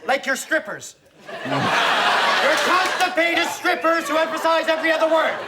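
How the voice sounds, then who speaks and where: A man doing improv comedy as a pushy director, shouting orders at his actors on a studio stage. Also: very high-pitched, animated, unhurried. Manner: loud, bossy, yelling at the actors. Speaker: improv performer playing a film director. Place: television studio with audience. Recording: audience laughter and noise in a studio.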